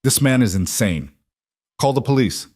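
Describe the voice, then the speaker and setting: A man's voice: mid-range voice, animated, moderate pace, darkish tone, no echo, studio quality, pitched above the performer's own voice, close to an everyday voice. A man voicing a smug young groom who turns demanding and defensive when exposed.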